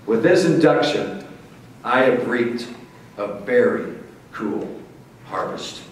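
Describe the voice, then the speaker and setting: A middle-aged Missouri man, a motivational speaker, delivers a folksy acceptance speech in a large banquet hall, his mid-range voice expressive and slow. He tells warm stories and tosses playful asides to the crowd. The recording is echoey, with a distant mic and faint hiss.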